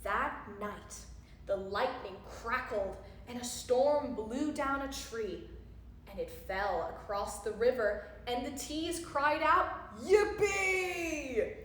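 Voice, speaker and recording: A storyteller reads a rhyming children's picture book in a sing-song, lively voice that is high, light and a bit bright, speaking slowly. The roomy space leaves an echoing tail on her words over a faint background hum.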